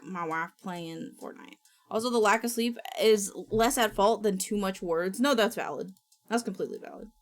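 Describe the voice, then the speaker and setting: A woman's voice: mid-range voice, moderate pace. A woman streamer chatting casually on a livestream, muttering to herself, reading instructions aloud and swearing now and then.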